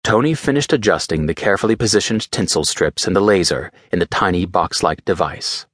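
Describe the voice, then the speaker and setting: Deep-voiced male audiobook narrator. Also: fairly quick, a bit bright, no room sound, clean studio sound. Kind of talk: scripted narration.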